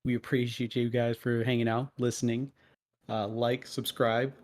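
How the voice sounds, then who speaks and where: A man of middle pitch co-hosts a podcast in easy, relaxed chat. He drops casual swears. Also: moderate pace. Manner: laid-back, swears casually. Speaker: podcast co-host.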